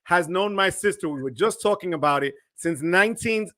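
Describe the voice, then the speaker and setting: Male livestream host, dry close sound, upbeat shout-outs. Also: high-pitched, a little fast, no room sound. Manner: hypes up viewers with shout-outs. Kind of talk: energetic livestream chat. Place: home studio.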